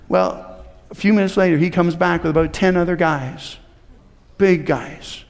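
A man's voice: high-pitched, fairly even intonation, unhurried. A man preaching a sermon in a church, telling a story in a conversational, folksy way and acting out the dialogue. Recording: long hall reverb.

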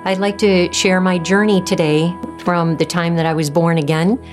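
A woman's voice: fairly low pitch, fairly even intonation, over music. Earnest woman telling her faith story. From Southern California. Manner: earnest, halting, with many restarts. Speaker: testimony speaker. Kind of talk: personal faith testimony.

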